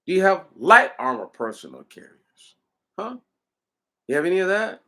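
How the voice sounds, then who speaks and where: A man's voice: sits high, sing-song, normal speed, sharp tone. A man delivering an impassioned commentary, hammering his points with repeated rhetorical questions in a preaching cadence.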